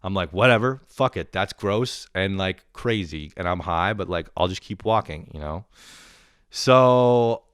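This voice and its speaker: A man's voice: sits low, unhurried, clean tone, dry recording, studio quality. A young man telling a rambling, profane story in a casual monologue, often getting worked up as he retells it. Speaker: vlogger.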